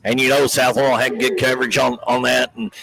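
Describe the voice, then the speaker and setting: A man doing color commentary on a high school football game, chatty and full of hype. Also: little pitch movement, fairly quick, vocal fry, a crowd in the background, low-quality recording.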